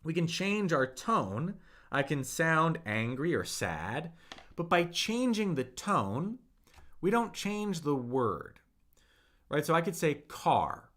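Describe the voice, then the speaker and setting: A man's voice: fairly high pitch, very animated, slow pace, fairly bright tone. A young man hosting a casual live-stream language lesson, upbeat and encouraging, with many fillers and "right?" tags.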